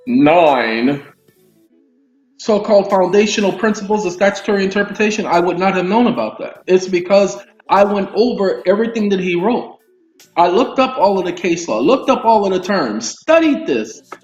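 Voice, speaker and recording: A man walks his listeners through legal definitions, stopping to check in and drifting into lively asides. His voice sits fairly high for a man. The recording is roomy and a little dull, with faint music underneath. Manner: animated, addresses listeners as y'all, breaks off into asides. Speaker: legal commentary host. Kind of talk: casual talk reading and explaining legal text.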